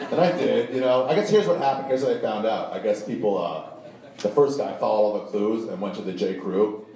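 A man telling a rambling, animated story at a live comedy show, acting out the people in it. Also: a little fast, very echoey. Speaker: stand-up storyteller. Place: comedy club stage before a laughing audience. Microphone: handheld stage mic, recorded from the crowd. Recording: boomy live room taped from far off, audible noise. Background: audience laughter.

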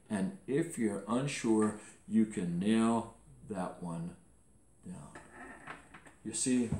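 Low-ish man preaching a sermon, earnest, slows way down on the big lines, echoey room. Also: dark tone, slight background noise. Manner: earnest preaching with slowed emphatic phrases. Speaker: pastor.

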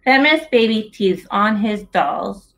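A woman's voice: medium pitch, expressive, measured pace, gravelly, fairly bright tone. A woman in her thirties reading her picture book aloud at a story hour over a video call, in a playful sing-song way that talks straight to young children.

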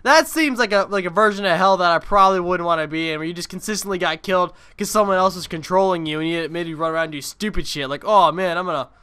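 A man's voice: high voice, fast talker, few pauses, sharp tone, smooth. A young man giving casual gameplay commentary on his own video, rambling and swearing freely. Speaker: gaming video creator.

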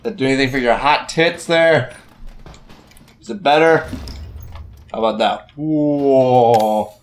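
A man's voice: mid-range voice, slow. A man hosting a let's play, joking and cursing as he reacts to a horror game. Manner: joking, profane, reacting aloud. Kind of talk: casual gaming banter.

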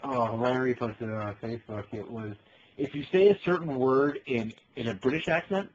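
A man's voice: medium pitch, normal speed, muffled recording. A young man in casual podcast chat, hesitantly searching for his words. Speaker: podcast co-host.

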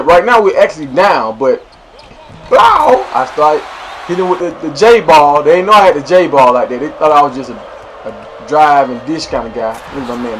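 A man's voice: a little high, a little hiss or hum. A young man giving casual, slangy, playful commentary over his own gameplay, hyping up the plays. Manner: animated, slangy, playful hype.

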